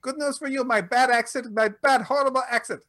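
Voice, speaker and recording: A man voicing a tech announcer with a deliberately exaggerated Indian accent, speaking in broken English. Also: sharp tone. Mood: mock announcing. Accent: put-on Indian English. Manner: high, singsong, broken-English delivery.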